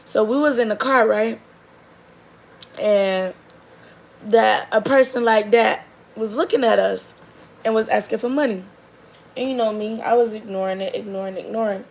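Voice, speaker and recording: A young woman, a mother, telling a rambling, animated story straight to camera, full of likes and restarts, often sinking into a soft murmur. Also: moderate pace, creaky, long pauses, low-quality recording. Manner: drops to a soft, low murmur for long stretches. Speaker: mother telling a story about her daughter.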